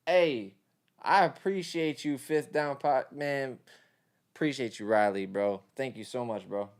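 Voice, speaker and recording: A man's voice: mid-range voice, unhurried, clean tone. A young man with a New York accent who mixes songs and chats loosely with viewers on a live stream, swearing freely. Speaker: mixing engineer streaming live. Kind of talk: casual livestream chat.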